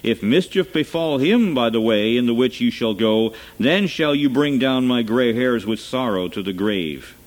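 A man voicing an old father weighed down by loss, speaking slowly and solemnly. The pitch is middling, with no theatrical change from the reader's own voice. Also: expressive, close to an everyday voice. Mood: sorrowful. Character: grieving old father, bereaved and fearful.

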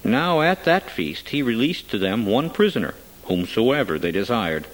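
A man reading scripture aloud in a measured, solemn way. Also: mid-range voice, big pitch swings, rough recording. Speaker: scripture reader.

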